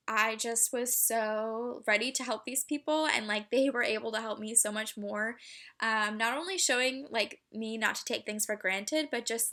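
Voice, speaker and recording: Bright-voiced young woman sharing a story. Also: a little high. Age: young adult. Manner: emotional, many fillers and restarts. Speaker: student speaker. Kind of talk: personal story talk.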